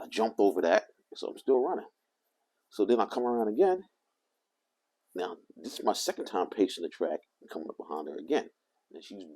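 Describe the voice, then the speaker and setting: An older man telling a rambling, animated story to the camera. He often corrects himself as he talks. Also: fairly low pitch. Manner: animated, meandering, self-correcting. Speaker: vlogger.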